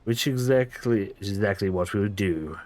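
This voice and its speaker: A man's voice: lowish voice, normal speed, darkish tone. A man streaming a game, reading the dialogue aloud with frequent stumbles, self-corrections and laughs. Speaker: gaming streamer.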